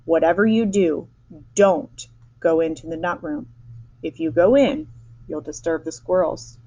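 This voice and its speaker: A woman voicing a brisk, eccentric male chocolate maker who hurries everyone along, reading a storybook aloud. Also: low voice, warm tone, rough recording. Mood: brisk cheer.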